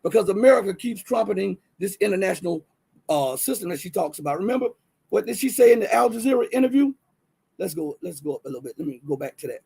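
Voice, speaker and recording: A man's voice: high-pitched, fast talker, creaky, breathy edge. A man with a Southern US accent hosting a casual livestream, talking straight to viewers and reading from his screen with many restarts. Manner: animated, talks to viewers directly, many restarts and fillers. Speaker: livestream host.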